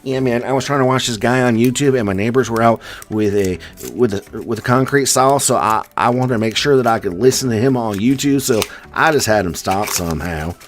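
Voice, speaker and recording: A man's voice: medium pitch, brisk, hardly any pauses, pitched above the performer's own voice, lightly acted. A man putting on an exaggerated Southern US accent, playing an aggrieved man who rambles about his noisy neighbors.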